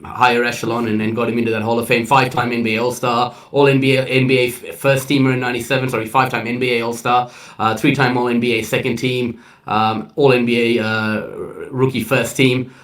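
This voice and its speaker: A man's voice: medium pitch, flat delivery, a little fast, a bit bright. Upbeat man co-hosting, a little off-mic. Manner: upbeat, calls people man and bro. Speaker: podcast co-host. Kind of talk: casual sports chat. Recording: distant mic.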